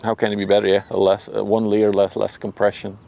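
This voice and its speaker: A young Dutch-accented man chats casually with his stream's viewers from a riverbank, his voice low and a little gravelly. He laughs easily and sometimes drops to a quiet, hushed tone. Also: fast talker. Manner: relaxed, chatty, laughs often, talks to chat by name; speaks softly at times to avoid disturbing people nearby. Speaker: livestream host. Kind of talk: casual live-stream chat. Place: outdoors by a river at sunset.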